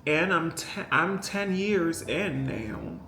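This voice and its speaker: A woman's voice: sits low, big pitch swings, slow. A woman vlogger telling a story in a casual, rambling and emotional way, with many fillers and asides to her viewers. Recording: echoey room with faint music behind.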